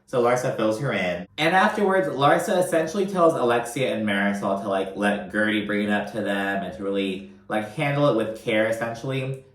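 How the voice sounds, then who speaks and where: Brief: man, lowish voice, gossipy and profane reality-TV recap host, roomy echo. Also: lively intonation, brisk, few pauses. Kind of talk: casual recap commentary. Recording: echoey room.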